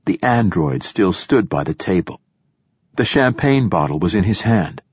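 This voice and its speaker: A man reading a first-person novel aloud as an audiobook narrator, in a dry, measured way. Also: low voice, sing-song, husky, no echo.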